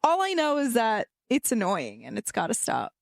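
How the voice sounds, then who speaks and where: A young woman co-hosting a casual chat podcast, playful and quick to laugh. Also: fairly high pitch, huge pitch swings, vocal fry, no echo, studio quality. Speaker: podcast co-host.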